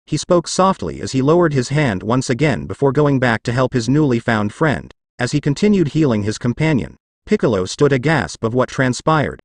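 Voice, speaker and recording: A man reads a fan fiction story aloud with expressive, dramatic flair, his pitch rising and falling a lot at normal speed with few pauses. The close microphone gives a dry, intimate sound with no room echo.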